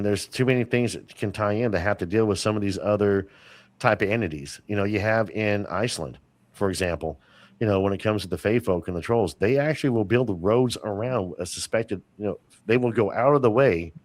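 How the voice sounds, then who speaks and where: A man's voice: lowish voice, a little fast, no echo. A man talking as a podcast guest, telling long rambling stories full of fillers and restarts. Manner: rambling storyteller, many fillers. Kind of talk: casual interview chat.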